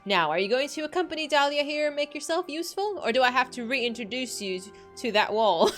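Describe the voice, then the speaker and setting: A woman doing a fierce, scolding mother with a put-on Scottish accent. She sounds bossy and brisk, with a bright voice that swings up and down a lot and the odd high jump. Faint music plays in the background. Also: expressive.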